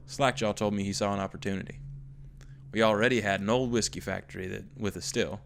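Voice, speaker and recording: A man's voice: fairly low pitch, steady tone, creaky, fairly bright tone, a little hiss or hum. A man reading as a drawling slum gang member. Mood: storytelling. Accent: slipping into a put-on American Southern drawl. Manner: unhurried storytelling read-aloud. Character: male slum gang member recounting his boss's rise. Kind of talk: reading an in-game note aloud.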